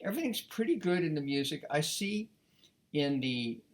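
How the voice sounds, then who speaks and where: A man giving a casual violin lesson, talking in a relaxed, rambling way with frequent restarts. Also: a little high, moderate pace. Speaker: violin teacher.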